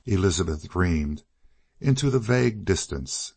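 A male narrator with a low, deep voice reads an old Western novel in a measured, steady way. The recording is dry and close, with no room sound. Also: breathy edge, no room sound. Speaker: audiobook narrator. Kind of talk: scripted narration.

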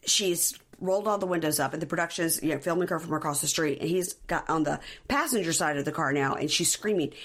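A woman hosting a podcast, telling a reality TV story in lively casual chat and acting out the quotes. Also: on the low side, brisk, few pauses. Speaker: podcast host.

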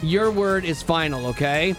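A man's voice: fairly high pitch, animated, unhurried, over music. A man hosting a radio show, bantering and joking with his co-hosts in the studio while running a cooking contest segment. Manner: upbeat, joking, leads the segment.

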